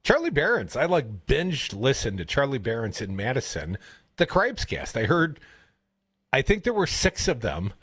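A man with a Wisconsin accent hosting a radio show, telling rambling stories in a casual, animated way. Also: mid-range voice, normal speed, breathy edge, dry recording. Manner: chatty, rambling storyteller, animated. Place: radio studio. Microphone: studio broadcast mic.

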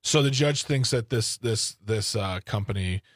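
A man's voice: fairly low pitch, moderate pace, no echo, studio quality. A man co-hosting a podcast who reacts to the news with blunt, indignant comments. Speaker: podcast co-host.

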